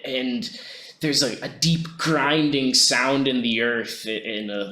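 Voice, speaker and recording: A man playing a tabletop game, talking slowly and hesitantly as he works out the rules aloud. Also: medium pitch, pushed and bright, reverberant. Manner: slow, hesitant, thinking aloud over rules. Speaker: player. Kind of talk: tabletop game play, casual.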